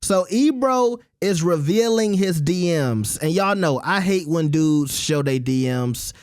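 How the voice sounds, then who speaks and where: A man's voice: on the high side, expressive, measured pace, darkish tone, clean tone, dry recording, clean studio sound. A man hosting his own commentary channel, giving blunt, opinionated takes in a casual rant.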